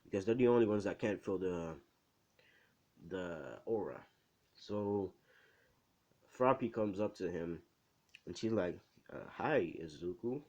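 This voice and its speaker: A man casually improvising a fan story, rambling with fillers and asides to the listener, in a low voice. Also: measured pace, long pauses, darkish tone, highs cut off.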